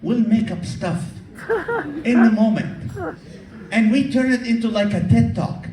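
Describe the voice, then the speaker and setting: High-voiced stand-up comic in an echoey hall. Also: male voice, unhurried, distant mic, crowd noise. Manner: animated, teasing audience members. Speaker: stand-up comedian. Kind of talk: stand-up comedy with crowd work. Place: live comedy show hall with audience. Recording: echoey hall taped from the audience. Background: audience laughter.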